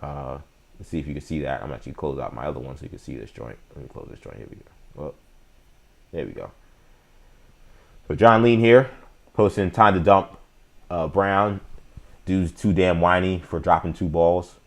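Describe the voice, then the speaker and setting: A man's voice: deep voice, moderate pace, creaky, pauses often. A man hosting a casual live-stream sports talk show, opinionated and slangy, speaking straight to his chat viewers. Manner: frequent fillers and restarts, slangy.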